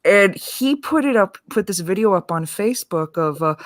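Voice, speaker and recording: A woman's voice: lowish voice, moderate pace, no echo, studio quality. A woman from Canada co-hosting a live stream, chatting and teasing in a casual way. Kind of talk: casual chat.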